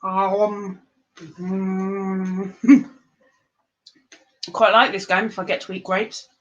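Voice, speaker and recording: A woman hosting a live-streamed trivia game, chatty and playful, reading the questions out slowly. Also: medium pitch, level tone, highs cut off. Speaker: livestream quiz host.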